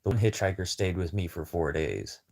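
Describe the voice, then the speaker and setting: A man's voice: low voice, moderate pace, vocal fry, darkish tone. A man livestreaming a casual, rambling chat with viewers over a phone, talking in a blunt, profane way.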